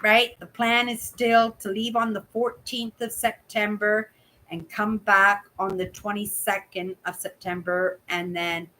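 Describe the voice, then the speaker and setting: A woman's voice: mid-range voice, little pitch movement, unhurried, sharp tone, rough recording. A woman, chatting casually as a channel host and telling stories with a running "right?". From Canada. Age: 60s. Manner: chatty storyteller, keeps asking "right?"; acts out voices in quoted dialogue. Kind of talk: casual live chat.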